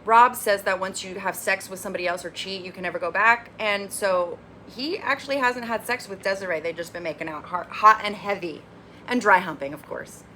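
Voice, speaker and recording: Bright lady doing a chatty reality tv recap, opinionated, faint hiss behind. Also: medium pitch, fairly quick. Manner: animated, opinionated, acts out quotes. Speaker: recap reviewer, channel host. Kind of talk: casual TV recap commentary.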